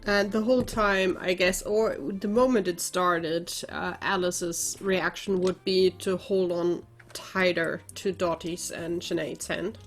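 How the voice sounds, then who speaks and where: Unhurried woman tabletop player. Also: fairly low pitch, little pitch movement, soft background music. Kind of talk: casual chat at a tabletop game.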